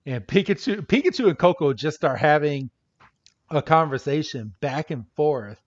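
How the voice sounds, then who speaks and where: A man's voice: on the high side, animated, normal speed. A man co-hosting a podcast, recapping a scene casually, chatty with frequent laughter and casual swearing. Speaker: podcast co-host. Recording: dull lo-fi podcast audio.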